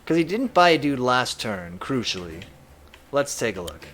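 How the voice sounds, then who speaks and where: A man's voice: medium pitch, normal speed. A man live-streaming a strategy game, chatting casually and reading viewer messages aloud. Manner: reads chat aloud, chatty and animated.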